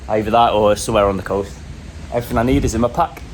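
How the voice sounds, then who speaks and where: A man narrating a travel vlog and talking to camera while hiking outdoors, in a relaxed, chatty and enthusiastic way. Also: fairly low pitch, very fast, a little hiss or hum. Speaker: hiking vlogger. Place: outdoors on a coastal hike.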